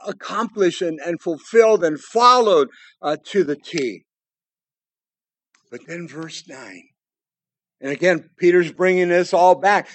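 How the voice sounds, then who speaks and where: Older male pastor, high voice, dry close sound, folksy preaching with jokes. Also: no room sound. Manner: folksy, joking asides, dynamic swings from loud to hushed. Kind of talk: sermon.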